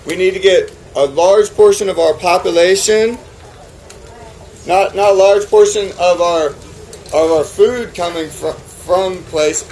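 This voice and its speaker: A man's voice: sits high, gravelly, a little mellow, a little hiss or hum, low-quality recording. A man giving a passionate talk to a live audience about farming, who keeps throwing rhetorical questions at the crowd. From New England. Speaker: farmer giving a conference talk.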